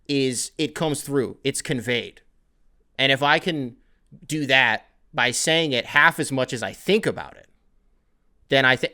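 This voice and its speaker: A man's voice: mid-range voice, clean tone. Brief: young male podcast host, casual comedic rant, swears freely, rambles off on tangents. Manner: profane, rambling, animated with quick asides.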